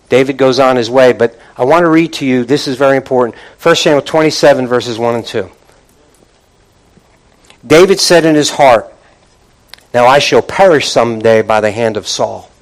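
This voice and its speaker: This pastor has a mid-range voice and a normal speed but leaves long pauses as he preaches. He tells scripture stories casually, restarts phrases often, and invites the congregation to respond, and the audio is poor.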